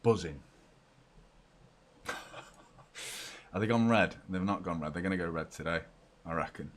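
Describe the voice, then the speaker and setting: A young man hosting a live football watchalong from home, chatty and excitable, moving between loud cheers and quiet muttering. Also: sits low, a little slow. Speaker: football fan channel host. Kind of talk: live match watchalong commentary. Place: home room with door open and a fan.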